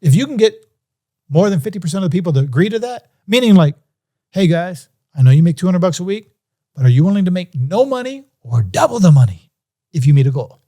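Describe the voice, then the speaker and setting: A man's voice: high voice, fast. A man as a podcast guest, telling a story in a casual way and acting out the voices of people in it. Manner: animated, acts out quoted voices.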